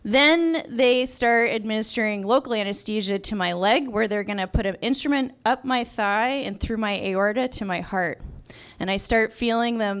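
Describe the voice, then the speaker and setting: A woman's voice: mid-range voice, clear, resonant tone. A young adult woman telling a personal story at a live event in a restaurant, candid and wry with a sarcastic edge.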